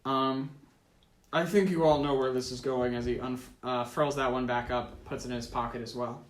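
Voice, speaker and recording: A man's voice: mid-range voice, steady tone, normal speed. Teen boy running a tabletop game. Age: teens. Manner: casual, laughing often, many ums and uhs. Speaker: game master. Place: school room. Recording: echoey room.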